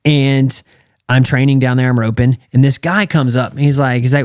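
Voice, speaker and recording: An American man in his thirties tells stories in a relaxed interview. His voice sits in an ordinary middle register and sounds dry and close. He acts out the people he quotes as he goes. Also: medium pitch, moderate pace, dry recording. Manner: animated storyteller who acts out quoted dialogue. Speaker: guest, retired champion calf roper and entrepreneur. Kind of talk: casual storytelling interview.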